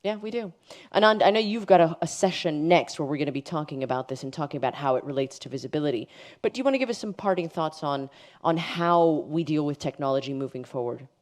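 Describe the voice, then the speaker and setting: A woman moderating a conference panel, chatty and quick to jump in with jokes. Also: deep voice, animated, darkish tone. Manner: chatty, quick to interject and joke. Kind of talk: panel discussion.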